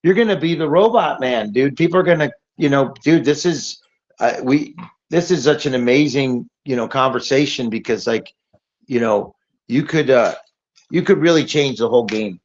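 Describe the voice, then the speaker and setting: A man hosting a casual podcast chat, excitable and rambling, saying dude a lot. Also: mid-range voice, normal speed. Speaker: podcast host, comic book publisher. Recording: dull lo-fi audio.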